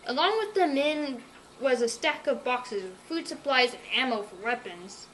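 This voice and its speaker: A woman reading a children's story aloud with an expressive, animated delivery. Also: high voice, moderate pace, a little hiss or hum, low-quality recording.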